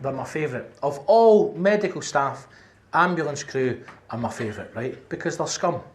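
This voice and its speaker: High-voiced, sweary Glaswegian comedian. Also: male voice, moderate pace, background noise. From Scotland. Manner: animated, sweary storytelling with acted-out shouts. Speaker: stand-up comedian. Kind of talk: stand-up comedy storytelling. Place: comedy venue with live audience. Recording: live stage mic, audience laughter.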